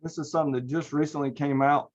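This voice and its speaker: A man's voice: fairly high pitch, steady tone, fast talker. Rambling male instructor on lo-fi audio. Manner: casual, rambling, many fillers and restarts. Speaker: networking instructor. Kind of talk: recorded online class lecture with screen share.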